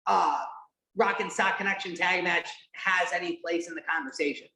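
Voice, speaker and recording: A woman's voice: lowish voice, steady tone, moderate pace, bright, forceful tone. Woman podcast host, rambly, lots of ums, swears casually, echoey room. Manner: rambling, many fillers and restarts, casual swearing. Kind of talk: casual chat, watch-along podcast. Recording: roomy echo.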